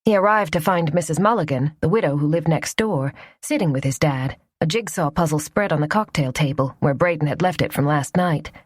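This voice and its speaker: A woman narrating a romance audiobook in a soft, even storytelling voice. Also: low voice, brisk, few pauses, dry recording, clean studio sound.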